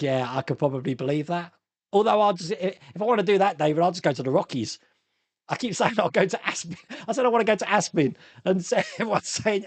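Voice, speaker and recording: Man, middle-aged, high voice, lively, casual live-stream host, chatty, laughs often. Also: fast talker, husky, no room sound. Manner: chatty, laughs often, reads chat aloud. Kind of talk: casual live-stream chat reading viewer comments.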